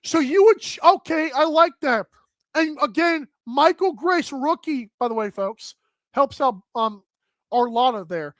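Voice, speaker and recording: A woman hosting a live sports talk stream, chatting casually and thinking out loud with lots of filler words as she addresses viewers. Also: high-pitched, animated, a little slow, dry recording. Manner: chatty, thinks aloud with many "like"s, addresses chat. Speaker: sports talk show host.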